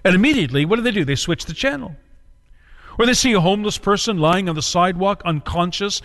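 A man preaching a sermon with dramatic force, his fairly high voice dropping into slow, solemn phrases and then rushing ahead with urgency. The sound carries a long reverb, as if filling a large hall. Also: lively intonation, fairly bright tone.

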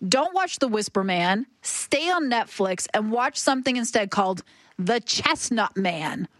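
Female radio co-host, lively and opinionated, quick banter; dry studio mic. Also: on the high side, no echo. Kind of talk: casual chat on air. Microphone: studio microphone.

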